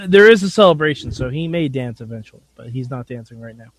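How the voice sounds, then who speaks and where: A man co-hosting a wrestling podcast, excitable and goofy, laughing often. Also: medium pitch, quick pace. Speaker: podcast co-host. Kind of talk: casual podcast chat.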